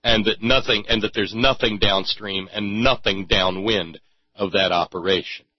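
A man's voice: on the low side, steady tone, moderate pace, breathy edge, dry recording, dull audio. A man ranting in sarcastic, angry commentary and swearing freely. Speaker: political commentator.

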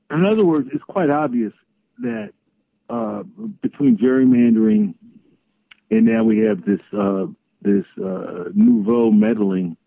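Middle-aged guy rambling on a phone line, lively pitch, gravelly. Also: dry recording. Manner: rambling, searching for words. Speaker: co-host. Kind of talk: casual political talk. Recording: tinny phone-line audio.

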